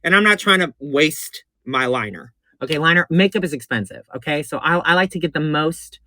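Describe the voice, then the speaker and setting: Sassy excitable man, bright edge. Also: quick pace, hardly any pauses, no room sound. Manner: sassy, excitable, swoops between chirpy highs and low purrs; repeats instructions emphatically. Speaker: drag performer doing a makeup tutorial. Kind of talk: live-stream makeup tutorial.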